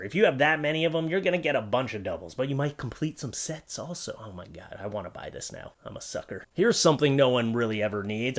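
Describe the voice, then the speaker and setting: A man giving joking, sarcastic commentary on odd items from online listings, as the host of his comedy channel. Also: medium pitch. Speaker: comedy YouTuber.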